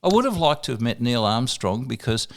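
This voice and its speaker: A man's voice: medium pitch, very animated, fairly quick, creaky. An older man, a radio veteran telling emotional anecdotes as a guest in casual chat.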